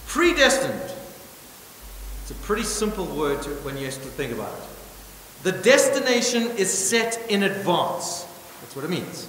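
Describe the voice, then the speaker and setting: A male pastor preaching a sermon with emphatic points and wry asides, swinging from loud stresses to hushed remarks. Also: fairly high pitch, very animated, moderate pace. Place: church hall. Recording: echoey church hall with hiss.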